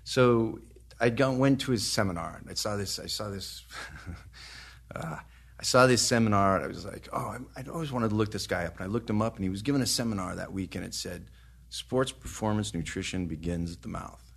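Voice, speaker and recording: A man's voice: fairly low pitch, moderate pace, creaky, a bit bright. A man in his fifties, a trainer guest on a podcast, telling long rambling anecdotes with swearing and laughter. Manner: rambling anecdotes, profane, laughs while talking. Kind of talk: casual podcast storytelling.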